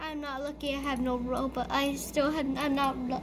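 A woman's voice: sits high, little pitch movement, moderate pace, few pauses. A woman giving live gameplay commentary, panicky, pleading and screaming often as she plays. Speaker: gamer.

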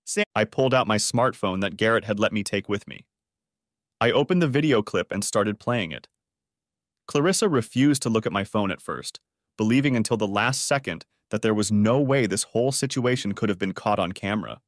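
A man narrating a first-person story audio book in a steady, matter-of-fact way. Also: fairly low pitch, fairly quick, dry recording, studio quality. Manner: steady, matter-of-fact, stern when confronting.

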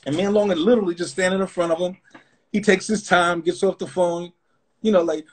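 A man's voice: sits high, steady tone, a little fast, breathy edge. A man, a rapper and interview guest, telling a story in a loose, rambling, casual way, full of fillers. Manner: loose and rambling, full of fillers like "you know what I'm saying".

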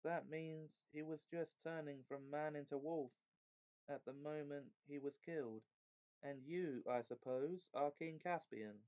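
A man voicing a calm, courteous boy high king in a storybook reading. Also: unhurried, highs cut off, lightly acted.

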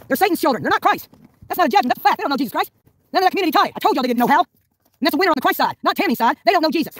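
A woman's voice: very high-pitched, lively intonation, very fast. A woman from Mississippi, ranting and preaching combatively on a phone livestream. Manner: preachy, combative, scripture-quoting. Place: hospital entrance, then a vehicle.

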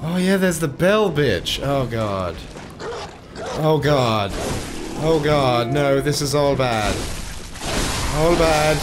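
Slightly high-voiced male game commentator, unhurried, prone to swearing and sudden yelps; noisy home recording. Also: animated. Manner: swings from loud outbursts to muttering; swears and curses at enemies. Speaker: gameplay commentator. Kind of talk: let's play commentary.

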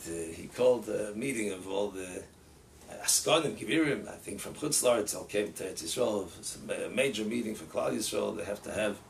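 Animated, gravelly male rabbi telling stories. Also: medium pitch. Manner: animated, laughs often, acts out quotes. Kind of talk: casual storytelling. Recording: distant mic with faint ambient noise.

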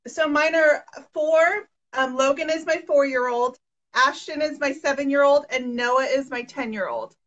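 A woman's voice: sits high, unhurried, fairly bright tone. A young woman hosting a casual live painting demo, enthusiastic and encouraging. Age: young adult. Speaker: host. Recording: dull lo-fi sound.

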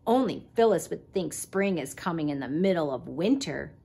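A woman's voice: sits low, lively intonation, moderate pace, vocal fry, warm tone, breathy edge, voice pushed down, heavily acted. A woman voicing a scornful young male groundhog in a storybook read-aloud. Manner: sneering, grumpy.

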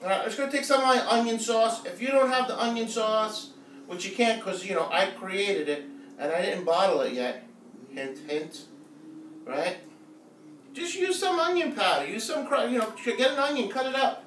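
A man's voice: sits high, expressive, moderate pace, fairly bright tone, a little hiss or hum. A man hosting a live home cooking stream, chatting playfully and joking with viewers as he cooks. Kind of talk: casual live cooking chat. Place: home kitchen. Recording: echoey room, mic at a distance, music playing faintly.

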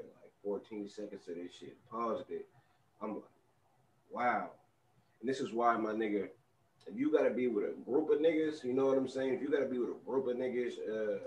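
A man's voice: lowish voice, highs cut off. A man hosting a casual commentary video, talking in loose street slang. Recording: roomy, distant mic with faint noise.

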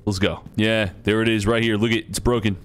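A young man commentating casually as he plays a game, excitable, swearing freely and laughing often, reading game text aloud. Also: on the low side, fairly quick. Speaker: gaming streamer.

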